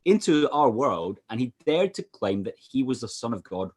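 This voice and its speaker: Male pastor, video-call sermon, expressive and animated delivery with fillers. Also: mid-range voice, normal speed. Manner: animated, rising for emphasis, with frequent fillers. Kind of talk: evangelistic talk over a video call.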